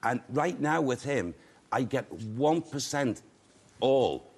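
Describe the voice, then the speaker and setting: A man with a Liverpool accent, a TV psychic giving a reading in a halting, soft-spoken, reassuring way. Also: mid-range voice, lively intonation, husky. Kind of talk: television reading.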